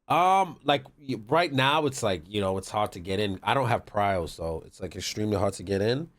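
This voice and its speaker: A man's voice: on the low side, animated, moderate pace. A man chatting casually as a podcast guest, rambling with lots of fillers as he tells a story.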